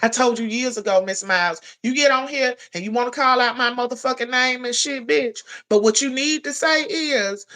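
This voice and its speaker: A woman delivers a blunt, profane commentary rant. Her voice sits a little high and sounds bright and forceful, and she scolds without letting up. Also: moderate pace, hardly any pauses. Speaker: commentary vlogger.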